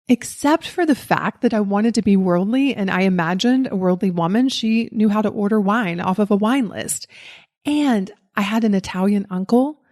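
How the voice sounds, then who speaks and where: A woman with a Southern US accent talks into a podcast microphone. She tells her own story in an easy, candid way and pokes fun at herself. Her voice sits at an everyday middle pitch. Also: darkish tone. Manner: candid and self-deprecating, laughs at herself. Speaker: podcast host. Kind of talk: personal storytelling monologue.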